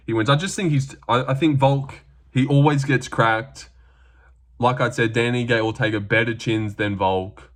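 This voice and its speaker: A man's voice: mid-range voice, a bit bright. Rambling Australian guy predicting fights. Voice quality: rambling, lots of "like" fillers. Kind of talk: casual fight prediction commentary.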